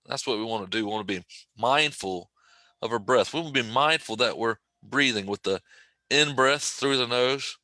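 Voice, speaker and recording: A man leading a guided breathing meditation, speaking slowly and gently with casual asides to the listener. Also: mid-range voice, dry recording. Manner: slow, gentle, calm guidance with casual asides.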